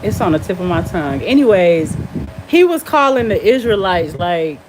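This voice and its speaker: A woman's voice: on the low side, sing-song, normal speed, background noise. A woman chatting casually on a live stream, blunt and defiant, laughing often and answering viewers' comments. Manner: talks back to viewers and comments.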